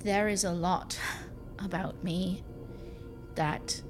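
A woman voicing an earnest, devoted woman drawn to the occult, who speaks in a measured, formal way. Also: on the low side, steady tone, over music.

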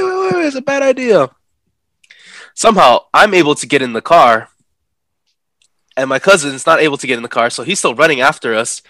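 Bright-voiced man telling a story. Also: lowish voice, no echo. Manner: animated, acts out the voices of people in his story; laughs while talking. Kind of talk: casual storytelling.

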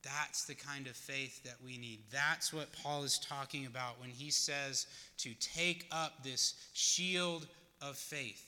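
Bright-voiced male pastor preaching in a reverberant hall. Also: mid-range voice, fairly even intonation, takes it slowly. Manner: earnest, plain-spoken teaching with rhetorical questions. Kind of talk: sermon.

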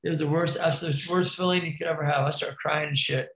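A man with a somewhat high voice tells a gnarly crash story in loose, animated slang, peppered with bro, dude and curses. His voice rings in a roomy, echoey space. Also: quick pace. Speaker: podcast guest, BMX rider. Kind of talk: casual storytelling.

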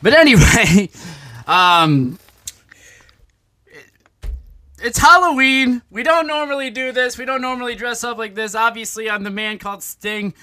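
Rambling high-voiced man hosting a podcast. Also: a little slow, pauses often, sharp tone. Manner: rambling, self-interrupting, laughing. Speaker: podcast host. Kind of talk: casual comedy podcast chat.

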